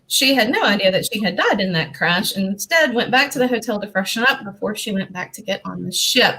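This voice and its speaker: A woman hosting a talk show, telling a haunted history story with lively, playful asides. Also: mid-range voice, rough recording. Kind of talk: hosting a history and mystery segment.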